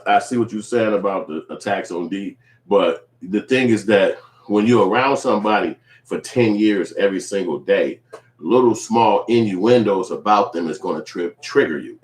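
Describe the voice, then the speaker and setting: Man, vlog commentator, profane and animated, lowish voice, echoey room sound. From Chicago. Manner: profane, blunt, animated storytelling. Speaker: YouTube commentator.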